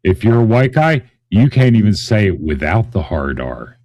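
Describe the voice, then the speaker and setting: Brief: man, mid pitch, very animated delivery, blunt and cursing, dry close sound. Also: moderate pace, dry recording. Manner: blunt, profane, tells stories with quoted voices. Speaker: panelist. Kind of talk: heated argument.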